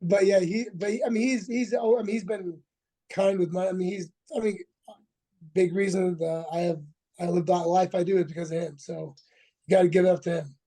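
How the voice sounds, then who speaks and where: A man's voice: high voice, steady tone, fairly quick, dark tone. A man in his forties, a former fighter, telling a rambling, profane story as a podcast guest, full of restarts and acted-out quotes. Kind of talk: casual storytelling interview.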